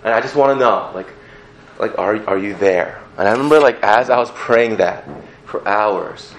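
A young man giving a personal testimony, telling his story in an animated, laughing way that falls to a hushed voice for remembered prayers. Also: lowish voice, moderate pace, reverberant, slight background noise.

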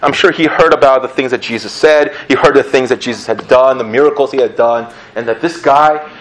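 A man preaching a sermon in a casual, animated storytelling manner, often laughing as he talks. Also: mid-range voice, fairly quick. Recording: roomy echo, faint ambience.

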